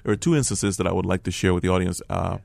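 Low gravelly man with an American accent. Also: rapid-fire, dry recording, studio quality. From Liberia. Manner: earnest, hushed at tense moments. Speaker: guest. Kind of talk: storytelling conversation.

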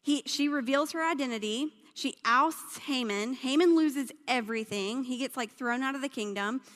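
Woman speaker with a raised pitch, loose and slangy sermon delivery, long hall reverb. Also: moderate pace, a bit bright. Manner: chatty and slangy, peppered with "like" and "um". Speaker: speaker teaching a Bible story. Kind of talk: casual sermon retelling a Bible story.

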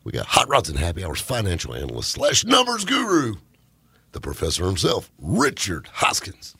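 Joking radio host, husky voice. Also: male voice, low voice, moderate pace, dry recording. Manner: joking, boisterous, lively banter. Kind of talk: casual studio radio chat. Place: radio studio.

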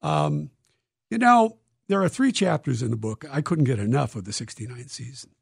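A man, an author being interviewed, telling stories in a lively, dramatic way and acting out quotes. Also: mid-range voice, moderate pace, creaky, husky, dry recording, clean studio sound. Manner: lively, dramatic storyteller who acts out quotes. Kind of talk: animated interview storytelling.

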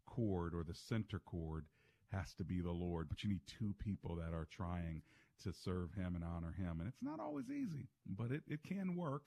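Male call-in radio host, lowish voice, folksy and affirming, dry studio sound. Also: vocal fry, no room sound. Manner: lively, folksy, affirming callers. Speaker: radio talk show host.

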